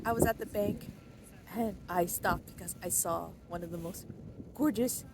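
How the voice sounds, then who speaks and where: A woman telling a story in a casual outdoor vlog, chatty, with lots of fillers and restarts. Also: on the high side. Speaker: vlogger. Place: outdoors in cold, windy weather. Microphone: phone held by hand. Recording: loud wind and traffic noise outdoors.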